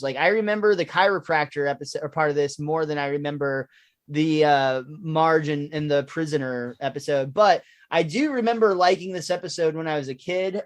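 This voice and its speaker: A man's voice: a little high, dry recording. A man co-hosting a casual review podcast, talking in a thoughtful, rambling way with a wry edge. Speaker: podcast co-host.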